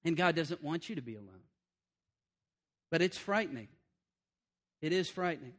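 A middle-aged man preaching a sermon, animated and conversational, repeating points and breaking into asides. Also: fairly high pitch, normal speed.

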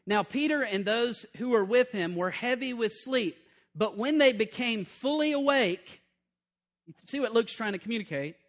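A middle-aged man preaching a sermon, animated and conversational, repeating points and breaking into asides. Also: very high voice, normal speed.

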